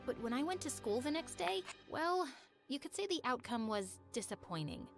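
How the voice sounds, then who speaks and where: A woman narrating her own story in an expressive, confessional scripted storytime style, with music behind. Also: high-pitched, normal speed. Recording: narration over background music.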